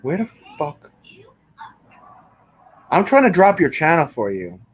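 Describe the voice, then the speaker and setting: A man with a fairly high, very animated, breathy voice streams live from his bedroom at an unhurried pace. He reads chat comments, argues casually with viewers, and curses a lot.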